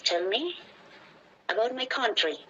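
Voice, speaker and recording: A woman's voice: a little high, very animated, measured pace, a bit bright, slightly rough, dull audio. Hesitant Peruvian woman in her twenties. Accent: Peruvian Spanish. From Peru. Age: 20s. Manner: hesitant, searching for words, asks for repeats. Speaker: teacher. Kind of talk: casual English practice conversation.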